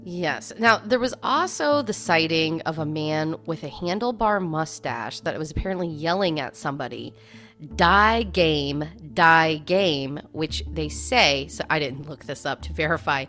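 Female podcast co-host, deep voice, chatty storyteller, faint music underneath. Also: lively intonation, unhurried, fairly bright tone. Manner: conversational storytelling, many "like" fillers. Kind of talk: casual chat about hauntings.

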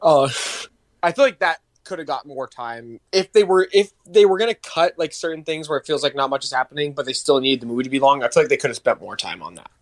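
A man's voice: mid-range voice, expressive, fast talker, no echo. A young man co-hosting a podcast in casual chat, rambling with lots of fillers and swearing. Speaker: podcast co-host.

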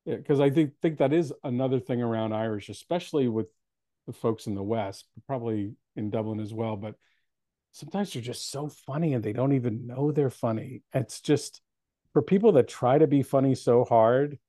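A man hosting an interview, telling stories with many halting restarts. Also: medium pitch, no room sound. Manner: warm storytelling, halting restarts. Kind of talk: casual interview chat.

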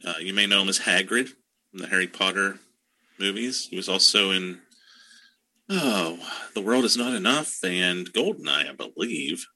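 A man's voice: sits low, animated, moderate pace, bright, forceful tone, breathy edge. A man on a podcast panel in casual chat, laid-back and chuckling. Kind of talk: casual fan-casting chat.

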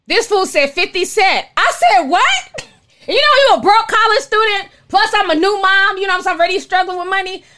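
A woman from Minnesota hosting a live stream, telling stories in casual chat and reading viewer messages, animated and exclaiming, calling listeners honey. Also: very high voice, fast talker, hardly any pauses.

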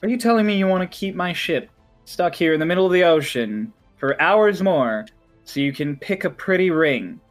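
A man's voice: on the high side, fast talker, hardly any pauses, faint music behind, pitched above the performer's own voice, close to an everyday voice. A man doing an impatient ship captain woman. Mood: exasperated.

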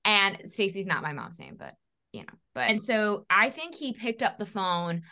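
A woman's voice: mid-range voice, lively intonation, normal speed, gravelly, bright, forceful tone. A woman in her thirties, a stand-up comedian, telling her own story casually in an interview, acting out the people in it and swearing freely.

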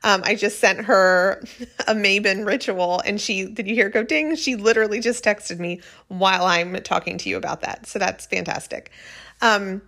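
A woman's voice: mid-range voice, fairly even intonation, normal speed, gravelly, sharp tone. Chatty, rambling woman podcast host. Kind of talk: casual podcast monologue.

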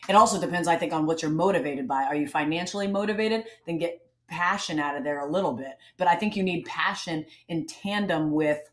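A woman's voice: fairly low pitch, brisk, hardly any pauses. A woman speaking as a podcast guest, talking earnestly and reflectively, often restarting her sentences. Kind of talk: casual interview talk. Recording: roomy echo.

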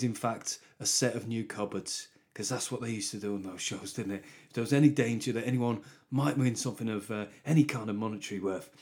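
A man's voice: medium pitch, darkish tone. A man riffs alone on his comedy podcast, drifting from one joke to the next. He talks in a loose, rambling way. He often laughs at his own gags. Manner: rambling, jokey asides, laughs at own jokes. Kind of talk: solo comedy podcast monologue.

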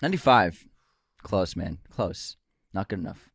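A man's voice: low-pitched, animated, a little slow, no echo, clean studio sound. A man co-hosting a movie podcast, joking around and reading a sponsor spot. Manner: joking, reads sponsor spots. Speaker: podcast co-host. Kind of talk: casual chat with ad read.

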